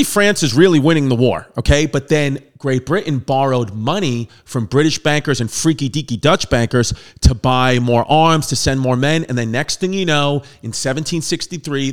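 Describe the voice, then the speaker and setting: A man's voice: mid-range voice, moderate pace, hardly any pauses. A man hosting a comedic history lesson, riffing with jokey asides and tangents. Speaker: comedian host.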